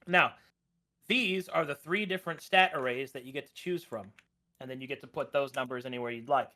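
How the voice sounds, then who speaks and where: A man running a tabletop game on a live stream, walking players through the rules in a brisk, upbeat way. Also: medium pitch, bright, forceful tone. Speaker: game master.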